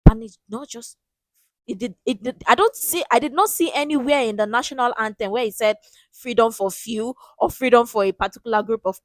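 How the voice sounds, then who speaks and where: A woman hosts a reaction video in a slow, emphatic, almost preaching manner. She repeats key phrases, and her higher voice rises and falls widely. The sound is dry and close. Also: no echo, rough recording. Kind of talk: reaction commentary.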